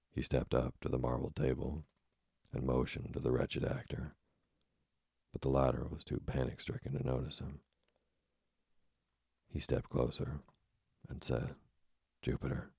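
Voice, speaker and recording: A man narrating an audiobook in a measured, even manner, with a deep, husky voice. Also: no echo, clean studio sound. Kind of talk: scripted narration.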